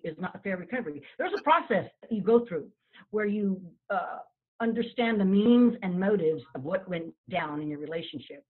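Husky woman therapist on a phone line. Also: medium pitch, lively intonation, normal speed. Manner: earnest, explanatory. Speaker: marriage and family therapist guest. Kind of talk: advice in an interview. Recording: tinny phone-line sound.

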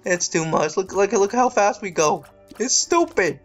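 Excitable woman doing let's play commentary. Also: mid-range voice, a little slow, muffled recording, faint music behind. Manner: excitable, rambling, yells and laughs in tense fights; self-mocking. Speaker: gaming channel host.

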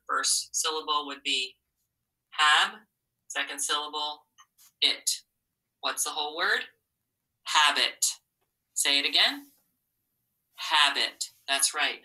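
Low-voiced, encouraging woman teacher. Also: pushed and bright, distant mic, low-quality recording. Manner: patient, encouraging, asks questions and pauses for answers. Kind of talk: phonics lesson for children.

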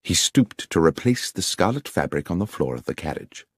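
A man reading an audiobook narration in a measured, expressive storytelling manner. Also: deep voice, slightly rough, no echo, studio quality. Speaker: audiobook reader narrating as the doctor companion.

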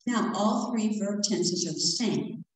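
A woman's voice: medium pitch, distant mic, a little hiss or hum. Woman lecturing from afar in an echoey hall. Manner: slow and deliberate when spelling out examples. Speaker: conference speaker on self-editing. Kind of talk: prepared lecture read aloud. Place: conference room.

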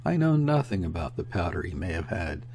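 A man voicing a weary middle-aged trader who rambles on excitably to his guests. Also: low voice, fairly quick, a little hiss or hum, pitched below the performer's own voice. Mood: alarmed. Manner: garrulous, excitable, jumping between topics.

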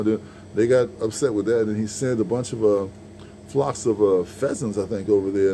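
A man's voice: lowish voice, mellow, slight background noise. A man giving an informal sermon, rambling and conversational, with frequent restarts and repeated words. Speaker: preacher.

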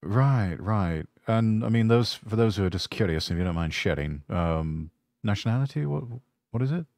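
A man's voice: lowish voice, expressive, normal speed, a little mellow, dry recording, studio quality. A British man from England hosting a podcast interview, chatting in a casual, encouraging way and often restarting his words. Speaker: podcast host.

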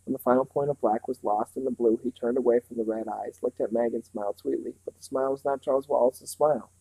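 A man reading a novel aloud in measured, steady storytelling. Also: medium pitch, gravelly, slightly rough, no echo, low-quality recording. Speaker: reader.

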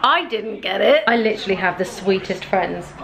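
A woman's voice: mid-range voice, expressive, moderate pace, gravelly, a bit bright. A young woman with a chatty, giggly manner, recapping her day for a casual travel vlog to a handheld camera in a rented room. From Britain. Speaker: vlogger.

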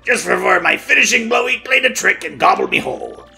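A man's voice: sits high, big pitch swings, a little fast, creaky, pushed and bright, faint music behind, full character voice. A man putting on a pirate voice to read an old male turtle father's lines in a video game. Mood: storytelling. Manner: growly pirate drawl.

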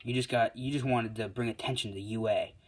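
A man's voice: mid-range voice, fairly even intonation, fast, slightly rough, lightly acted. A man voicing a dry, dismissive adult male teacher hero in a near-normal voice.

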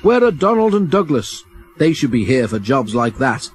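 A man's voice: medium pitch, normal speed, darkish tone, a little hiss or hum, natural voice. A man voicing a conceited male steam engine in a storybook reading, speaking scornfully and grumbling. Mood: fuming.

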